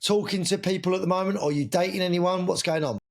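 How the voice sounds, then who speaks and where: A man leads a casual group talk. His voice sits slightly high. He asks questions in a chatty way and sounds a little incredulous. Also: fairly even intonation, fast talker.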